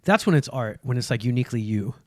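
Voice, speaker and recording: A man's voice: medium pitch, fast, no echo, studio quality. A man, a guest comedian, chatting casually on a podcast and acting out quotes as he tells stories. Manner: animated storyteller, acts out quotes.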